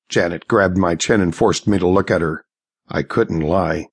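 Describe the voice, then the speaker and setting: Gravelly low-voiced male audiobook narrator. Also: a little slow. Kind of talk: scripted first-person audiobook narration.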